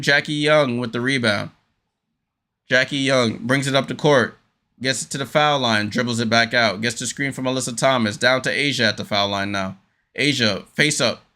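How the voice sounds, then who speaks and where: A mid-range-voiced man hosts a casual watchalong for fans, narrating the game play by play. He uses many fillers and leaps into sudden excitement when big plays happen.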